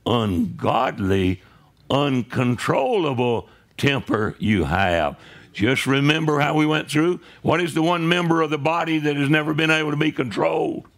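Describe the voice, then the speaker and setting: In a church sanctuary, a male pastor delivers a conversational sermon, often checking in with his audience and tossing in "right?" asides. He speaks at a medium pitch with vocal fry and a slightly bright tone.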